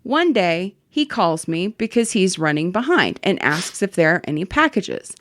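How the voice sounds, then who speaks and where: A woman reading a story aloud in an animated, casual way. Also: on the low side, moderate pace, no echo, studio quality. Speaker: story reader.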